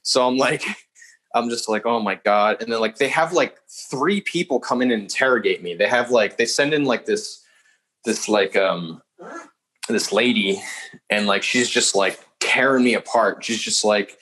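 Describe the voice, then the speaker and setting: On a poor-quality recording, a young podcast guest rambles through a story fast and casually, swearing freely and using lots of fillers. His voice is medium-pitched and a bit bright.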